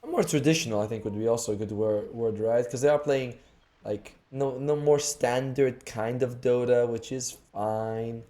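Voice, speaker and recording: A man giving relaxed, joking color commentary on an esports match. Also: mid-range voice, moderate pace. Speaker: esports co-caster.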